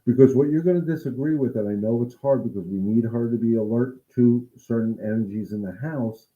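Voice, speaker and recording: Here a dog trainer talks briskly at medium pitch, coaching his livestream viewers earnestly as he answers their questions in a casual way. The audio sounds narrow and tinny.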